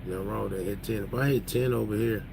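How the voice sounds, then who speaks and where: A man's voice: fairly low pitch, steady tone, quick pace, gravelly, background noise. A man who drives trucks, telling stories in loose casual chat, joking and laughing as he talks. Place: truck cab.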